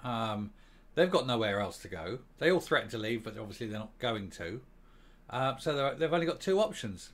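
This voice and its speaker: A man's voice: medium pitch, expressive, normal speed. A man delivering a scornful, sarcastic commentary monologue as a vlog host. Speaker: commentary vlogger.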